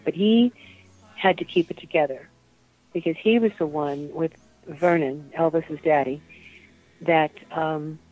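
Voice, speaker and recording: A woman recalling personal memories in a soft, halting way, with many pauses, as an interview guest. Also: low voice, phone-quality sound. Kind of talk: emotional personal recollection.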